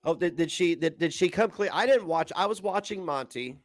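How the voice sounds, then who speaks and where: A man's voice: high-pitched, animated, a little fast, faint music behind. A man ranting in a crude, boastful way, often breaking into giggles. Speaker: streamer being reacted to.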